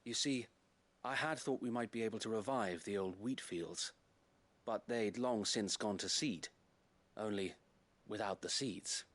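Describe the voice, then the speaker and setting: An actor voicing a courteous, thoughtful middle-aged noble knight who speaks formally, with measured speech and a wry touch, in video game dialogue. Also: male voice, fairly low pitch, fairly bright tone.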